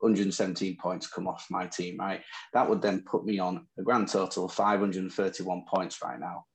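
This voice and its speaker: Man, Northern English accent, very deep, gravelly, boastful teasing co-host. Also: level tone, normal speed, poor audio. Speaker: podcast co-host. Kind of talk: casual chat about fantasy football.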